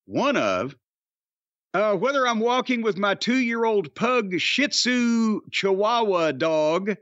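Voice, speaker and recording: A man's voice: high voice, big pitch swings, takes it slowly, a bit bright, no room sound, lo-fi sound. A man, hosting a casual podcast with rambling, profane wisecracks. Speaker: podcast host. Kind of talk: casual wrestling podcast banter.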